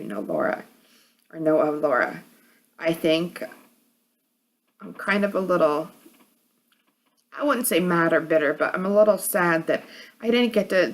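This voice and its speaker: Low-voiced New York woman vlogger. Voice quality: hard, edgy voice. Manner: rambling, many fillers and restarts. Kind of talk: casual chat.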